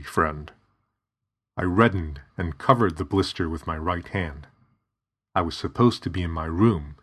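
A man reading a story aloud in steady, even scripted narration. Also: sits low, husky.

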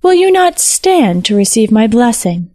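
A woman doing a soft, regal fox spirit. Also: fairly high pitch, big pitch swings, measured pace, no echo, studio quality. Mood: gentle. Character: gracious nine-tailed fox spirit, female.

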